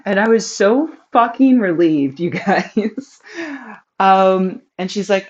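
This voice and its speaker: A woman's voice: medium pitch, lively intonation, slow, dull audio. A woman in her thirties telling a personal story in a home office, chatty and rambling, with many fillers and laughs. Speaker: vlogger. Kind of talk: casual storytelling to camera.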